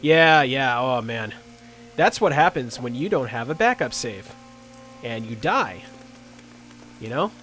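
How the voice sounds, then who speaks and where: A man's voice: mid-range voice, animated, takes it slowly, long pauses, fairly bright tone, faint music behind. Rambling man streaming a game. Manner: rambling, with many fillers. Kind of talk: casual gaming commentary.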